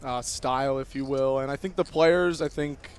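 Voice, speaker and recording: A young man in his twenties, a guest on a poker stream, talking eagerly with many pauses and fillers. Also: mid-range voice, smooth. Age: 20s. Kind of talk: casual interview chat.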